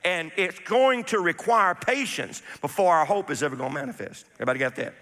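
A male pastor delivers a sermon in a high, bright, ringing voice. He preaches emphatically, repeating key phrases and calling for responses from the congregation. The sound carries a long reverb, as in a church hall. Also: animated, fairly quick.

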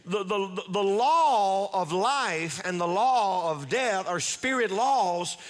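A man's voice: high voice, lively intonation, slow pace, big-room sound. A man preaching a sermon as pastor, leading the congregation in call-and-response, stretching key words and repeating himself as he builds a point. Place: church sanctuary.

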